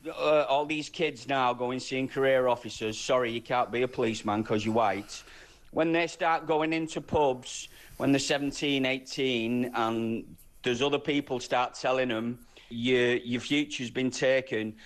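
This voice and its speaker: Man from Lancashire, radio voice note, mid pitch, earnest, worried. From Lancashire, England. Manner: earnest, worried, building concern. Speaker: caller leaving a voice note.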